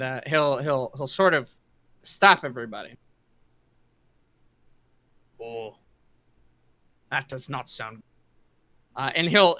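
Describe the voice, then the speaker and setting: Male game master, bright tense voice, halting, clears throat often, dry sound. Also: medium pitch, dry recording. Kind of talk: narrating a tabletop game.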